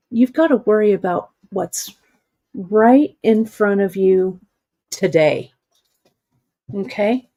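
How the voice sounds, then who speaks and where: An unhurried woman leads a live beading lesson, talking through each step as she works. Her tone is encouraging and chatty, and her pitch sits in a mid range. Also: warm tone. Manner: chatty, encouraging, thinks aloud while working. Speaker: jewelry-making instructor hosting a live stream. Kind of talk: live craft demonstration.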